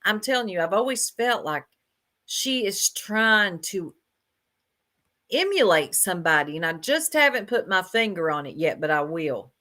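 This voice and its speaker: A woman's voice: mid-range voice, lively intonation, moderate pace, bright, forceful tone. A woman giving casual reaction commentary, blunt and sarcastic, laughing often and talking straight to her chat.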